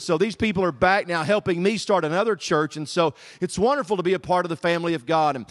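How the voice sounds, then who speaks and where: Higher-voiced Southern man preaching. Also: fast talker, hardly any pauses. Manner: animated, humorous storytelling. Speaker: guest preacher. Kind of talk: sermon. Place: church service.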